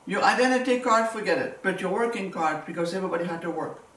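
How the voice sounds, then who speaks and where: A woman's voice: mid-range voice, fast talker, fairly bright tone, slight background noise. A woman, giving a personal testimony as a war survivor and telling it vividly with repeated words. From Belgium. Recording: roomy, distant mic, faint ambience.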